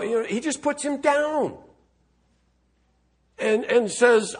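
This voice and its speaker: A man's voice: very high voice, expressive, slow, long pauses, a bit bright, slightly rough. A man preaching a sermon in a conversational, emphatic way, with mock-casual asides.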